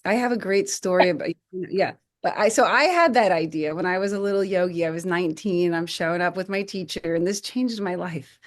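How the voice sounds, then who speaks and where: Animated woman telling stories on a podcast. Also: on the low side, a little fast. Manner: animated storyteller who acts out quotes and often restarts phrases. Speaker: podcast guest. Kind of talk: conversational podcast storytelling.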